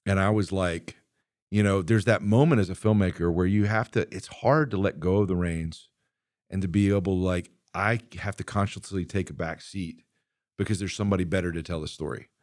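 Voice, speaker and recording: A middle-aged man hosting a podcast, telling a story in casual chat, animated and quick to laugh as he acts out what people said. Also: sits low, dry recording, clean studio sound. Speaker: podcast host and filmmaker.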